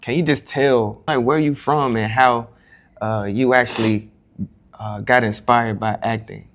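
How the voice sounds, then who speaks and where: A man's voice: mid-range voice, fairly even intonation, measured pace, fairly bright tone. A man interviewing a guest in a laid-back, slangy way, saying "like" a lot. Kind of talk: casual interview.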